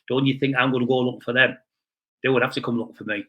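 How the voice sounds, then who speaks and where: A man as an interview guest, telling rough stories bluntly and swearing freely. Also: mid-range voice, fairly even intonation, very fast, lo-fi sound. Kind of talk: blunt storytelling in a casual interview.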